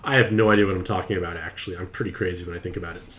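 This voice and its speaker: A man's voice: sits low, very fast. Chatty, playful young man streaming a game. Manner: chatty and playful, excited outbursts. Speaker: gaming streamer. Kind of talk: casual game commentary to live chat.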